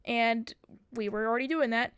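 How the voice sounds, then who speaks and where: A woman's voice: a little high, fairly even intonation, moderate pace, fairly bright tone, clean tone, no echo. A young adult woman from the United States, a streamer telling a story in a casual, rambling way, swearing a lot and leaning on fillers. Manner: profane, rambling with many fillers.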